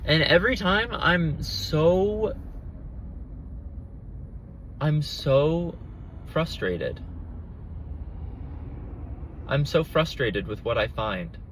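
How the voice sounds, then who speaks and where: A man's voice: on the high side, expressive, drawn-out words, pauses often, a bit bright, poor audio. A man hosting a solo podcast from inside a car, chatting casually and earnestly with lots of fillers and restarts. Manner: rambling, with many fillers and restarts; earnest and enthusiastic. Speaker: podcast host. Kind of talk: casual solo chat while driving. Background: faint road noise.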